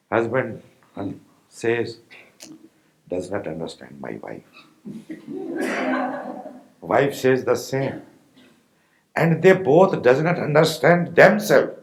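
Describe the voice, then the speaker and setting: Deep-voiced Indian spiritual teacher, lively. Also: male voice, low-quality recording. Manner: slow, pausing, rhetorical questions to listeners. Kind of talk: spiritual discourse to meditators.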